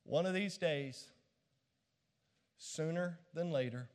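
A man's voice: on the high side, slow, clear, resonant tone. A middle-aged man preaching a sermon as pastor, fervent and playful by turns. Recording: long hall reverb.

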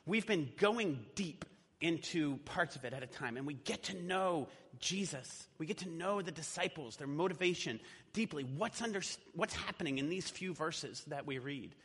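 A man's voice: a little high, expressive, moderate pace, a bit bright, breathy edge. A man preaching a sermon in a church in a conversational way, with casual fillers. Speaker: pastor. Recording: echoey hall.

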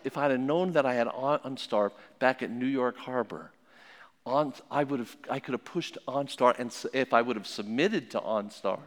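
Animated male preacher in an echoing hall. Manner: animated storytelling, dropping low and quiet to make a point. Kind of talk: sermon. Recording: long echoing hall reverb.

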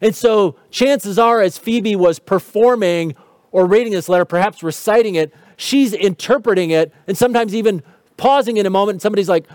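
A man's voice: sits high, moderate pace, darkish tone, no room sound, clean studio sound. A man preaching a sermon, explaining scripture in a teaching tone with light humor and rhetorical questions. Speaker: pastor.

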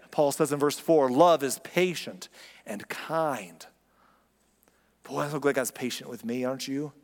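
A male pastor giving a conversational, earnest sermon, sometimes acting out quoted speech. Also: mid-range voice. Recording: long reverb of a large hall.

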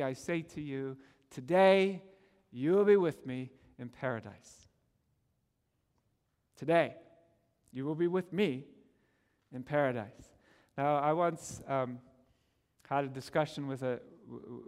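Animated male preacher in a reverberant hall. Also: fairly high pitch. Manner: earnest, animated, stammers when emphatic. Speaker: pastor. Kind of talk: sermon.

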